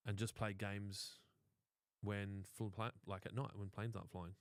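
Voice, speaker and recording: A man's voice: fairly low pitch, flat delivery, a little slow, dry recording, studio quality. An Australian man co-hosting a lawn care live stream, chatting casually, joking and swearing freely. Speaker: co-host of a lawn care show.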